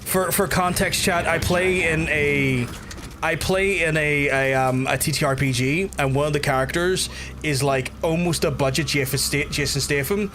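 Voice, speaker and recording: A man's voice: a little high, steady tone, moderate pace, background noise. A man in a casual gaming livestream who rambles and swears often while he talks to chat. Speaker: gaming streamer. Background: game music.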